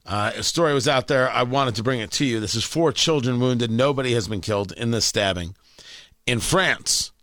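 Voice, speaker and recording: A man's voice: medium pitch, moderate pace, a bit bright, no room sound. A man hosting a talk radio show, delivering a blunt, opinionated monologue with sarcastic asides from a studio mic.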